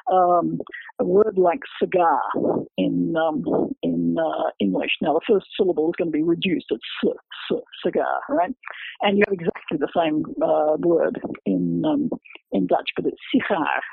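A man's voice: sits high, creaky, slightly rough, no room sound. A man, a researcher and author, explaining his work in an interview, walking through examples step by step. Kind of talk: explanatory academic interview talk. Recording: tinny phone-line audio.

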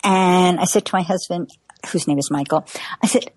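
A woman's voice: on the low side, normal speed, darkish tone, husky, no room sound. A woman in her sixties, a cookbook author from the United States, talking in a chatty way with frequent laughs and fillers during an interview. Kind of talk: interview conversation.

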